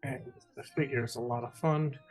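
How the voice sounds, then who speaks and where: A man's voice: mid-range voice, fairly even intonation, fairly quick, slightly rough. Male podcast host, easygoing and chatty, walks through details with restarts; faint music under. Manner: describing toys in detail, with fillers and restarts. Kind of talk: casual chat.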